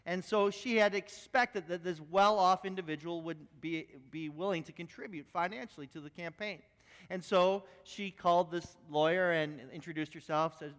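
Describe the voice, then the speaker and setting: A male pastor delivers a sermon in a fairly high voice, telling a story with frequent restarts and repeated words. His speech echoes with the long reverb of a church hall. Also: moderate pace, a bit bright. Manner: storytelling, repeats words as he talks, self-deprecating.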